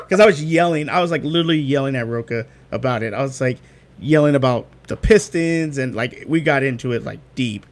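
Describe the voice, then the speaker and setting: A young man chatting as a guest, animated and fond of acting out what people said. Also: mid-range voice, fairly quick. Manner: animated storyteller, acts out quotes. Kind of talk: casual chat.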